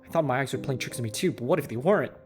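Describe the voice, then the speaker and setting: A man's voice: medium pitch, animated, very fast, soft background music, lightly acted. A man voicing an out-of-breath sailor in a video game, talking urgently and pleading to be believed. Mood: frantic. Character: breathless male sailor, frantic and insistent.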